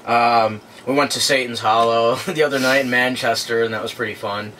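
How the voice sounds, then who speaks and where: Man, bright lowish voice, loose rambling answers, slightly distant mic, faint background hum. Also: moderate pace. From born in London, raised in the US. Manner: relaxed, rambling with many fillers. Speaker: band guitarist. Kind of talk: casual interview answers.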